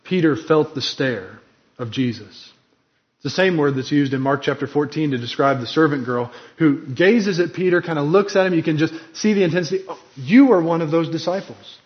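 Pastor, male, fairly high voice, earnest and emphatic sermon delivery, dull lo-fi recording. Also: moderate pace. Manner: earnest, emphatic preaching with dramatic quoted lines.

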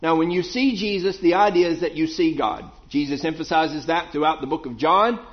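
A man preaching a Bible sermon, asking questions and dropping low to answer them. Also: a little fast, highs cut off.

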